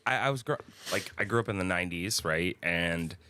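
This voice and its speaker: A man in his thirties, co-hosting a podcast, telling candid stories with lots of laughs and quick restarts. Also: low voice, clean tone. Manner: animated storytelling, laughs often, quick restarts. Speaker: podcast co-host. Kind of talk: casual chat.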